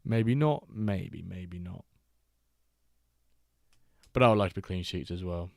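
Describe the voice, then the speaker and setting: A man's voice: deep voice, unhurried, creaky, no room sound. Stream co-host, male, dry close sound, banters and swears, flares up on big moments. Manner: bantering, swears freely, bursts into excited match calls. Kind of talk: casual live-stream watchalong chat.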